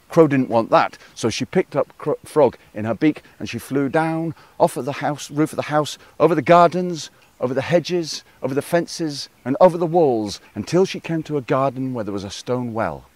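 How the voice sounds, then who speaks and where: A man telling a folk tale to a live audience in a playful, expressive way, chatting with his listeners as he goes. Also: mid-range voice, moderate pace, few pauses, no room sound. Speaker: storyteller.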